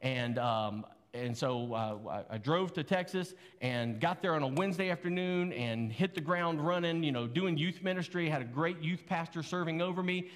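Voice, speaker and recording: A man's voice: fairly high pitch, lively intonation, moderate pace, long reverb tail. A man preaching a sermon as pastor, earnest and conversational, with rhetorical questions.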